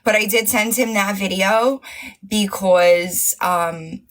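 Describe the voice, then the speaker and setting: A woman's voice: mid-range voice, slow. A woman hosting a casual livestream, mocking and profane, laughing often and losing her voice. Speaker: livestream host.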